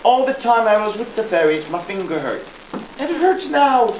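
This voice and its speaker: A man voicing a young boy who whines and feels sorry for himself, in a higher plaintive telling voice. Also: sing-song, normal speed. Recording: echoey room, distant mic, hiss.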